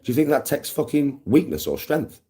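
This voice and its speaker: A man's voice: on the high side, normal speed, mellow. A man livestreaming to his chat, talking intensely and emphatically with a lot of swearing.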